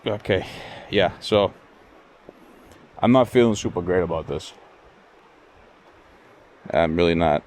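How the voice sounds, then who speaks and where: A man's voice: sits low, slow, pauses often, darkish tone. A man vlogging while fishing outdoors, muttering frustrated, profane commentary to himself. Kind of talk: casual solo commentary. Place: outdoors by cold water.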